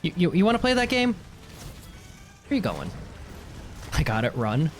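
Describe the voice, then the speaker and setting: A woman streaming gameplay with live commentary, swearing and yelling at the monsters on screen, swinging from low mutters to shrieks. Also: big pitch swings, moderate pace, a little hiss or hum. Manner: swears a lot, yells at monsters.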